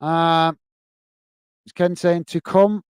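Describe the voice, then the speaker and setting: A man's voice: a little high, little pitch movement, slow pace, clean tone, no room sound. A tired man hosting a football live stream, reading viewer comments and signing off friendly with lots of fillers. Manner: friendly, repetitive sign-offs, many fillers. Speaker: football channel host.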